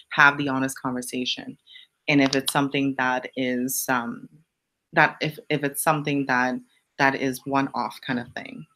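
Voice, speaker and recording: Bright and forceful yet level in tone, this woman keeps a moderate pace on her casual motivational live stream, with a little hiss or hum in the audio. She gives viewers blunt answers peppered with swearing, and her pitch leaps up on punchy lines she repeats.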